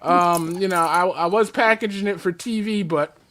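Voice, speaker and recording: A radio talk show host who chats casually, laughs often and steers the conversation. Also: mid-range voice. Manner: slow, lively and laughing.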